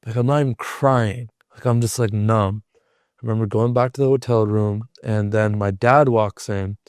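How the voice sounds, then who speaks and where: A man's voice: fairly low pitch, fairly even intonation, normal speed, darkish tone, clean tone, no echo, clean studio sound. A young man, a podcast guest, telling a personal story in a casual, rambling way with lots of "like". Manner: rambling, heavy use of filler "like".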